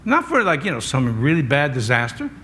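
A man's voice: mid-range voice, huge pitch swings, brisk, sharp tone. An older man, a pastor, preaching a conversational sermon with wry asides to his congregation.

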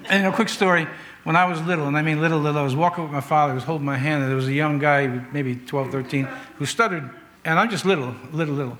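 A man's voice: a little high, quick pace, a bit bright, a little hiss or hum. A man preaching a sermon in an earnest, conversational way, telling stories and asking rhetorical questions.

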